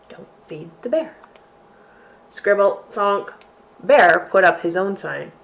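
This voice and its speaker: Female storytime host, mid-pitched, unhurried, expressive picture-book reader for young children. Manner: slow, sing-song and expressive, addressing young children.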